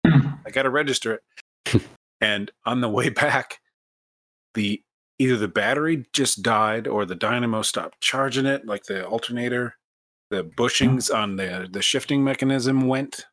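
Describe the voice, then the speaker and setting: A man's voice: medium pitch, measured pace, fairly bright tone. A man from the United States hosting a podcast, telling a long, self-mocking story in a casual way with many restarts. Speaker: podcast host.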